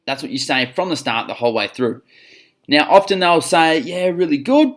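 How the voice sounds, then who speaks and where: A man's voice: medium pitch, expressive, moderate pace, a bit bright. An Australian man coaching gym staff on phone sales, upbeat, acting out both sides of the calls. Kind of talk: instructional talk on phone sales.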